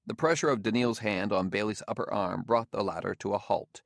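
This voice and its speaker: A man reads a novel aloud in a low, gravelly voice, measured and steady. The recording is dry and close, with no room sound. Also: dry recording. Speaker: audiobook narrator. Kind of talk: scripted narration.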